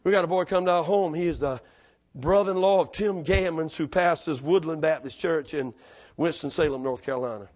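A man preaching a sermon, fiery and shouting at the climaxes of his stories. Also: a little high, a little fast, few pauses. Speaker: pastor.

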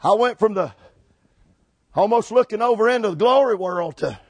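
A man preaching a fiery sermon, rhythmic and repetitive, building up to shouts. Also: high voice, animated, moderate pace, breathy edge, dry recording. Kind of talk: fiery Pentecostal-style sermon.

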